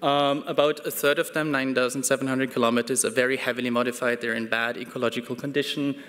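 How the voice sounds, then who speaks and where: A man's voice: medium pitch, fairly even intonation, a bit bright. Man presenting in a reverberant hall. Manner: measured, with frequent ums and restarts. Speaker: conference speaker. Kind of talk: academic presentation. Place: conference hall.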